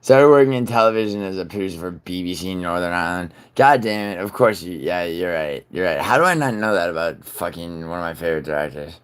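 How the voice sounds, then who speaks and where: Man, very low voice, rambling livestream chat, profane, mumbles then gets loud and insistent. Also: animated, fast, few pauses, clear, resonant tone. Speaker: livestream host. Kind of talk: casual livestream chat with viewers.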